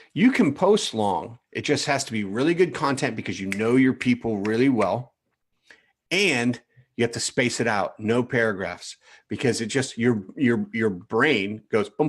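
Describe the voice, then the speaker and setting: A man coaching in a live training session, reviewing profiles aloud in an animated way, repeating himself and calling viewers by name. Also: on the low side.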